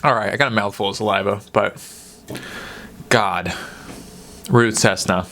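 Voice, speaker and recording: A man's voice: on the low side, steady tone, a little slow, background noise. A young man talks loosely and frankly into his podcast mic. His nose is stuffed up from a cold, which gives his voice a nasal edge. He drifts from one thought to the next and swears now and then. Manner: rambling, candid, swears casually. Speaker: podcast host. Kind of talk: casual solo monologue.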